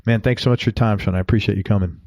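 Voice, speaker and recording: A man's voice: on the low side, fairly even intonation, rapid-fire, darkish tone, no room sound, muffled recording. A man hosting a casual interview podcast, introducing his guest with jokey, self-mocking asides. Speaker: podcast host.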